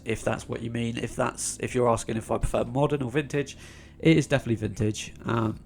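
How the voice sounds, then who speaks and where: A man's voice: medium pitch, gravelly, darkish tone. A young man from England with a North London accent, hosting a casual Q&A vlog in a chatty, rambling way, full of ums and restarts. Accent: North London English. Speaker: YouTube channel host.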